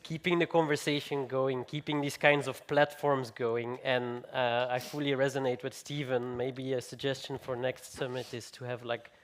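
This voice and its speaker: A man speaking as a panelist at a conference, measured with frequent fillers and restarts. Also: mid-range voice, little pitch movement.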